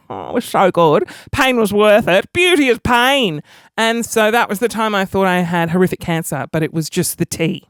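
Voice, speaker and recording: A man's voice: high voice, no echo, clean studio sound. A man telling comic personal stories in a casual podcast vlog, acting out the people in them. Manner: animated, acts out people in the story. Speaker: podcast host.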